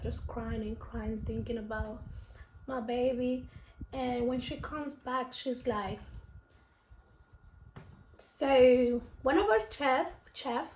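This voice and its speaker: A woman's voice: on the high side, slight background noise. A woman vlogger telling a story to camera in a chatty, emotional way, repeating herself, in an echoey room.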